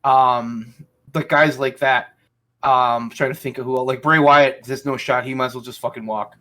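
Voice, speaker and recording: A man's voice: medium pitch, steady tone, normal speed, sharp tone. A man hosting a casual podcast chat, ranting angrily and swearing heavily. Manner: angry ranting, heavy swearing. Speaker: podcast host.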